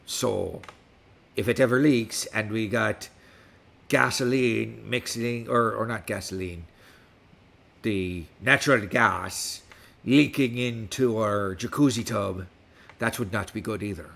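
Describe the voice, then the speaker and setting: Hosting a laid-back livestream, a middle-aged man speaks slowly in a fairly low, slightly bright voice with vocal fry. His pirate banter comes in an affected West Country accent, and he reads stats aloud.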